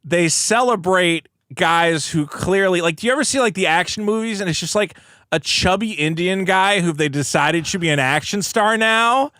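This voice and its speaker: A man with a high, bright, forceful voice trades comic riffs on a podcast, his pitch leaping around as he jumps between bits. The sound is dry and close, recorded on a studio mic with no room around it. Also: normal speed, clear, resonant tone, dry recording. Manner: animated, riffing, slips into mocking impressions. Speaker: podcast co-host. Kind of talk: comedic podcast banter.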